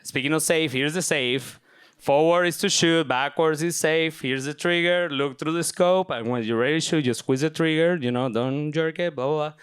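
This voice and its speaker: A man's voice: a little high, moderate pace, a bit bright, smooth, lightly acted. A man voicing a laconic older rural hunter who gives clipped, matter-of-fact instructions in a story told on stage. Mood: instructing.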